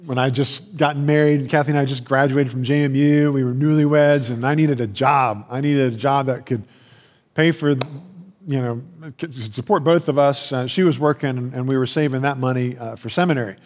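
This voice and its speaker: A man's voice: mid-range voice, steady tone, normal speed, a little mellow. A male pastor giving a conversational sermon, telling stories and often restarting or repeating his words. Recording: long hall reverb.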